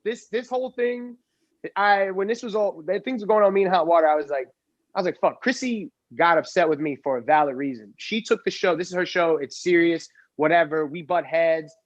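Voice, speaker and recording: A man's voice: high-pitched, a little fast, lo-fi sound. A man arguing defensively in casual podcast talk, rambling and repeating himself. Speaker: podcast guest. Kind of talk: heated casual argument.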